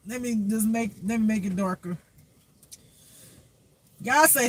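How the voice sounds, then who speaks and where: A man's voice: sits high, a little slow. A man giving a spiritual reading as a life teacher, preaching emphatically with rhetorical questions.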